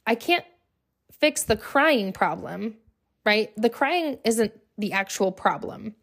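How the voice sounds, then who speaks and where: A woman's voice: medium pitch, lively intonation, takes it slowly, creaky, a bit bright. A young adult woman hosting her own podcast, talking casually and often tagging her sentences with "right?" and "like". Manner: chatty, lots of "right?" and "like" fillers. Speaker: podcast host. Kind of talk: casual solo podcast talk.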